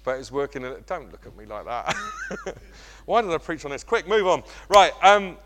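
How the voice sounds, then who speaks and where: A middle-aged man preaching a sermon, animated and self-mocking. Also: fairly high pitch, normal speed, a little hiss or hum. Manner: animated, self-mocking, acts out kids' voices. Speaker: pastor.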